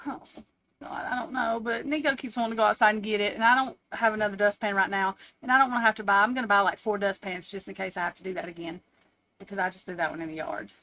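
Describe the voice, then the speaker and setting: A woman's voice: mid-range voice, fairly even intonation, fast, pushed and bright, no room sound. A woman hosting a casual live stream from home, chatting, swearing freely, laughing often and answering her chat.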